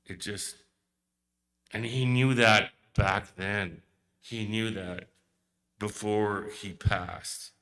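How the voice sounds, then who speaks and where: A man giving a hesitant, emotional memorial speech, pausing often and searching for words. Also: fairly low pitch, fairly even intonation, a bit bright. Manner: hesitant, emotional, many pauses and fillers. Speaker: eulogy speaker. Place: memorial service hall. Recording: long hall reverb.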